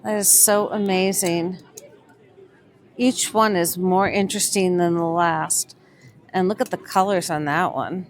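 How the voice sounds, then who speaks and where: A woman's voice: lowish voice, fairly even intonation, measured pace, a faint crowd. A woman giving casual, enthusiastic commentary while shopping at a winter market and admiring the crafts. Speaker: vlog co-host shopping a market.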